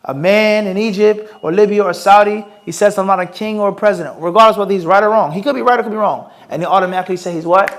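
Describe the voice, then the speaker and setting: A man with a high voice, giving a live religious lesson and answering questions. He quizzes his listeners with rhetorical questions and drops Arabic phrases into his English. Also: very fast, hardly any pauses. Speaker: Islamic teacher. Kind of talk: live Q&A lecture.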